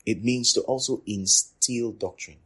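Male preacher, low husky voice, emphatic and repetitive sermon delivery. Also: measured pace. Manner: repetitive, emphatic, swings from loud to quiet. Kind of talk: sermon teaching.

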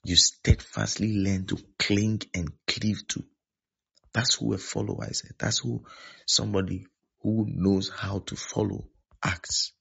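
A male pastor preaches a sermon in a very low, gravelly and husky voice. He repeats his points and keeps asking whether his listeners are following. The recording sounds dull and lo-fi. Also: fairly even intonation, a little slow, fairly bright tone.

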